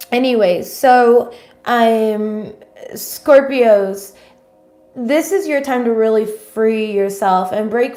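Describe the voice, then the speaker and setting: A woman giving a casual livestream tarot reading, rambling and swearing freely with many ums. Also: on the high side. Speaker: tarot reader. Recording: roomy echo.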